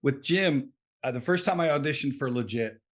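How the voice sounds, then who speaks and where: Animated middle-aged male storyteller. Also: mid-range voice, normal speed. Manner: animated storyteller who acts out quoted lines. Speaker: podcast guest, actor and comedian. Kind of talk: casual chat.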